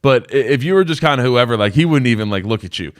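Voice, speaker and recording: A man's voice: mid-range voice, expressive, fast. Man, 20s, former player turned show host; casual, rambling delivery full of fillers. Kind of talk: live call-in sports talk.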